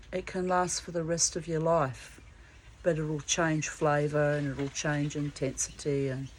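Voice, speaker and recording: Swearing freely and calling people darling, this earthy woman shares a personal story in a casual vlog. She has a low voice, and the low-quality recording has faint background noise.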